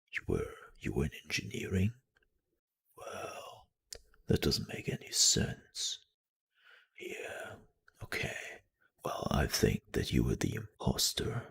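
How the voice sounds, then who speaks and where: A man doing an impression of a young man with a very deep, dark, breathy half-whispered voice, questioning players in a murder game. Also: heavily acted.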